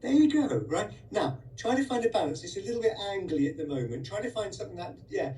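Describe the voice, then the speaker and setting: A man's voice: high voice, big pitch swings, quick pace, warm tone, recorded from a distance, a little hiss or hum, rough recording. Man teaching conducting, singing rhythms. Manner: sings rhythms with syllables, coaxing and direct. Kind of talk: one-on-one conducting lesson.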